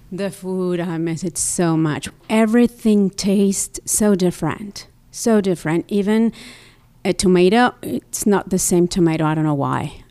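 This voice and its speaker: Mexican-accented woman, clear smooth voice. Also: medium pitch. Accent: Mexican Spanish. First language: Spanish. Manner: reflective, repeats words for emphasis. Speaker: immigrant interviewee. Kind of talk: personal testimony.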